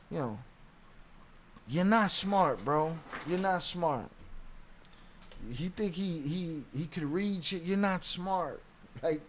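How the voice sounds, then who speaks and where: Brief: high-pitched male streamer, profane and confrontational, live reaction commentary. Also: a little hiss or hum. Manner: profane, confrontational ranting at a viewer.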